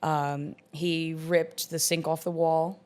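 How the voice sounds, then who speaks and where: A woman in her thirties with a slightly low voice tells bar stories casually. She rambles in a chatty way, leaning on "like" and "um" and laughing as she goes. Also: flat delivery, slow pace, a little mellow, clean tone. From Long Island, New York. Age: 30s. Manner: chatty, many "like" and "um" fillers, laughs often. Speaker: bartender guest. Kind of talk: casual storytelling in an interview.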